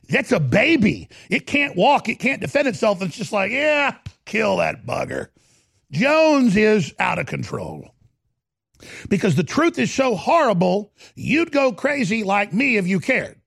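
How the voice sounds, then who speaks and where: A man's voice: high-pitched, creaky, a bit bright, slightly rough, no echo, studio quality. A middle-aged man hosting a talk radio show, ranting fervently and combatively and hammering points through repetition between ad reads.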